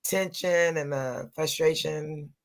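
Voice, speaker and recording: A woman's voice: low voice, slow. A middle-aged woman co-hosting a podcast in casual chat, laughing often and repeating herself for emphasis. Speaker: podcast co-host.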